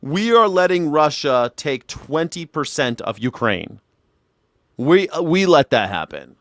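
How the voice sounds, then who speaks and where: A man's voice: on the high side, very animated, measured pace, no echo, clean studio sound. A man giving casual, profane commentary while reacting to a hearing clip, blunt and sarcastic. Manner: sarcastic, blunt, swears freely.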